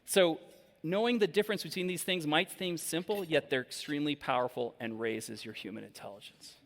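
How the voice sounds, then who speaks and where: A man in his forties giving an energetic, interactive keynote talk from a large stage, quizzing the audience. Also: a little high, fairly quick. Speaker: keynote speaker. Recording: long hall reverb.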